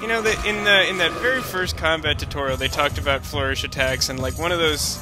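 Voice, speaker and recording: A man's voice: fairly high pitch, a little fast, over music. A man giving rambling, jokey commentary while playing a video game, full of sarcastic asides. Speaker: let's-play commentator. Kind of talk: casual gameplay commentary.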